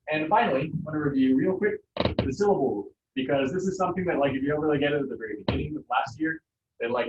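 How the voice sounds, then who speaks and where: A man of medium pitch runs a Spanish pronunciation lesson for a class, talking casually and leaning on fillers. The recording is a dull, distant, echoey classroom capture with a little hiss or hum.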